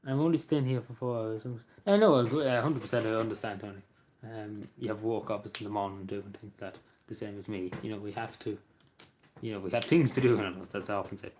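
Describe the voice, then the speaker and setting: A man with an Irish accent chatting casually with viewers on a live stream, halting and rambling with many fillers, often apologizing. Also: fairly low pitch, fairly even intonation, noisy background.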